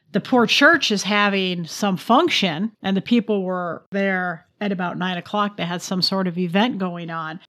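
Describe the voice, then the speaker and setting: A woman's voice: on the low side, fairly bright tone. Chatty woman telling a true crime story. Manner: chatty storytelling with asides and laughs. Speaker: podcast co-host. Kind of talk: true crime podcast narration.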